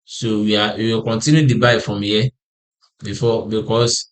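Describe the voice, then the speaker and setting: In a lowish, level voice at a moderate pace, a man teaches a screen-share chart walkthrough as a forex trading analyst. He yawns and sounds weary, restarting and repeating phrases, often posing "what?" to himself before giving the answer.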